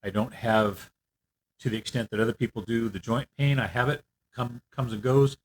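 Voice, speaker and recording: An older man giving a casual, candid video update on his treatment. He rambles a little, fills pauses often, and sounds worn out. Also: medium pitch, steady tone, a little hiss or hum. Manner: candid, rambling, with frequent fillers. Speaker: vlogger. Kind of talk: casual personal health update.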